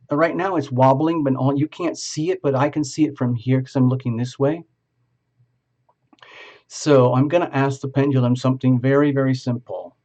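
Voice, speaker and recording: A man with a mid-pitched, dark and mellow voice talks a single viewer through a tarot reading, improvising as he goes. His voice sits in the middle of the range. The sound is dull and lo-fi, like a home camera mic. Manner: improvising, talking step by step to the viewer. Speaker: tarot reader. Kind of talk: live video reading to a viewer.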